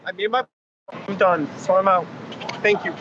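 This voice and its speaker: An upset man on the verge of tears rants angrily, swearing as he goes. His voice sits high, and the dull camera audio is swamped by outdoor noise. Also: fairly even intonation, normal speed. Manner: angry, swearing outburst. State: tearful, emotional. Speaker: counter-protester. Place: outdoors at a park protest.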